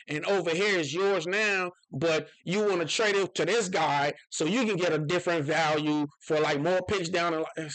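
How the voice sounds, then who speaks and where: A young man talking through football on his own in a loose, rambling way. He keeps restarting sentences, and now and then his voice jumps way up with excitement. His voice sits a little high for a man, and the room sounds close and dry. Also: no echo, low-quality recording. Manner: rambling, self-interrupting, excitable with sudden high outbursts. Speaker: football channel host. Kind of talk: casual solo commentary.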